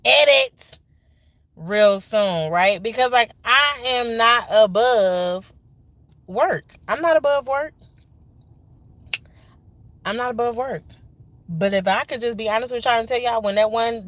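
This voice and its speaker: A woman in her thirties with a Georgia accent, venting casually on a livestream and repeating lines for emphasis with folksy Southern slang. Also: mid-range voice. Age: 30s.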